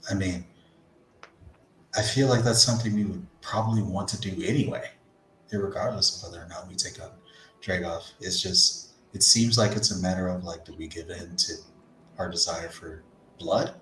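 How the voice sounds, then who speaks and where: A man's voice: sits low, moderate pace, fairly bright tone, slight background noise. A man playing a tabletop game, earnestly arguing a plan with many hesitations. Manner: earnest, hesitant with many ums, reasoning aloud. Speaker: player. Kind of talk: in-character argument in a tabletop game. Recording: echoey room with music behind.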